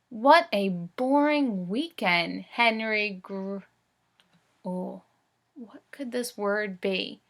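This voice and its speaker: A woman teaching first graders to read, slowly sounding out words in a coaxing voice. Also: mid-range voice, gravelly, pushed and bright. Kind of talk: phonics read-aloud lesson.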